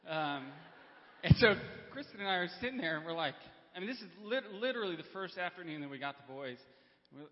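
A man speaks off the cuff from a church stage, stopping and restarting often and clearing his throat. His voice sits a little high for a man. The recording is dull and muffled, with a long reverb from the hall. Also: expressive, brisk. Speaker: church member speaking to congregation. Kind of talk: unprepared personal storytelling. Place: church sanctuary.

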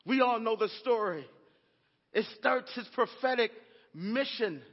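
A pastor preaches a sermon and calls out to his congregation for answers. His voice sits high for a man. The recording is dull and muffled, with a long church echo behind him. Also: expressive, measured pace. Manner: preaching with call-and-response asides to the congregation. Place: church sanctuary.

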